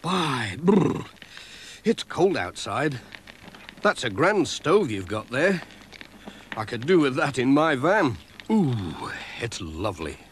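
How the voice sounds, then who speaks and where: Cartoon postman, a man doing a cheerful villager, easygoing, slow and lively. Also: mid-range voice, background noise. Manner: good-natured, easygoing. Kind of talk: children's animation voice acting.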